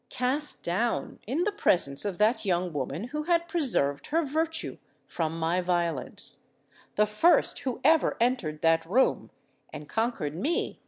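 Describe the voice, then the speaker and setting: A woman reading the part of a remorseful aristocratic nobleman in an audiobook, in measured, earnest storytelling. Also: mid-range voice, husky.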